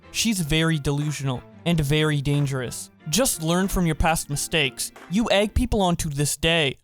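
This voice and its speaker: A man narrating online drama news and reading quoted posts aloud in an even manner. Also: fairly high pitch. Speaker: commentary narrator. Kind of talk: scripted narration over clips. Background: faint music.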